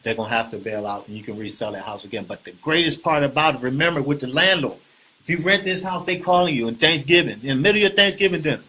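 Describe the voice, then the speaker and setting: A man hosting a casual real estate talk, animated and preachy, often repeating himself and asking the viewers questions. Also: fairly high pitch, fast talker, slightly rough. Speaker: host.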